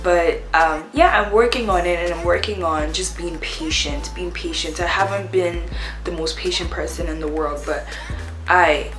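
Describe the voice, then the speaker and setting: Young woman, low voice, candid makeup chat, echoey room, faint music behind. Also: moderate pace. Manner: candid, reflective, breaks into laughs. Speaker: beauty vlogger. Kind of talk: get-ready-with-me chat while doing makeup.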